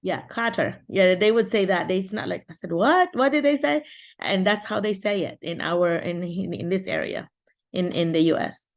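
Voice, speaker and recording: A woman's voice: fairly low pitch, normal speed. A middle-aged woman from the Philippines hosting an online support session, giving casual advice over a video call with many restarts and fillers.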